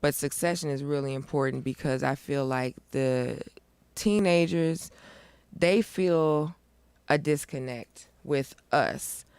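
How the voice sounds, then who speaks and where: A woman's voice: deep voice, slow pace, darkish tone, smooth, dry recording. A middle-aged woman talking as a guest in a casual interview, upbeat and emphatic as she talks. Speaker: guest, nonprofit founder.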